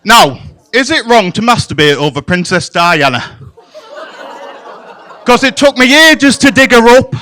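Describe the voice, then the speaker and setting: A man doing a bawdy stand-up comedy set in a club, with playful deadpan asides to the crowd. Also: very high voice, unhurried, pauses often.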